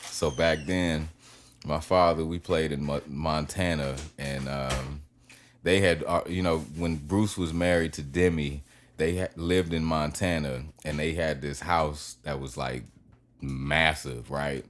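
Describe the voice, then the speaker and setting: A man's voice: a bass voice, steady tone, unhurried. A man in his thirties, a podcast guest telling rambling anecdotes in a casual, profane way.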